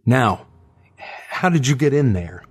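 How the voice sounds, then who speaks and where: A man with a husky voice voicing an impatient, defiant woman artist, asking sharp, incredulous questions in a storybook reading. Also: medium pitch, animated, a little slow.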